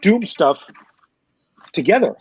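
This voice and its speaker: Lively Canadian man telling a story. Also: high-pitched, takes it slowly, slightly rough. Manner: animated, acts out quoted voices, swears. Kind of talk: casual storytelling on a podcast. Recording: slightly muffled dry recording.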